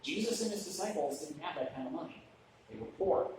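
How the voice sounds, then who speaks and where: A man preaches in a relaxed, chatty way, dropping in joking asides and restarting his sentences. His voice rings through a very echoey church sanctuary, picked up from some distance away, with a faint hiss under it. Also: on the high side, a little fast. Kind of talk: conversational sermon.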